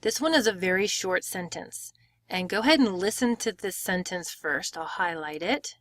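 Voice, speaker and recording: Clear woman teaching pronunciation. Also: on the low side, expressive, moderate pace, a bit bright, no room sound. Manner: clear, step-by-step explaining with demonstrated words. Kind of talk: screen-share tutorial.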